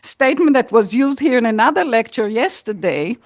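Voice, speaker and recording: A woman speaks up from the audience with a long, earnest comment, pressing her points and repeating key words. Her voice is fairly high, and the sound is dry with no room echo. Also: very animated, fairly quick, a little mellow. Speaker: audience member asking a question. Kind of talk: unscripted comment from the floor.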